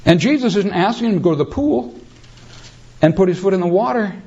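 Animated preacher man with a lo-fi sound. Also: sits high, a little fast, slightly rough. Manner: animated preaching, calls listeners beloved. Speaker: pastor. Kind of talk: sermon.

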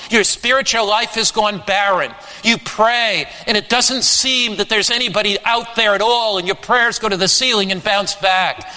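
Bright slow preacher in a reverberant hall. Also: male voice. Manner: slow, emphatic preaching with dramatic pitch swings. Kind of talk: sermon.

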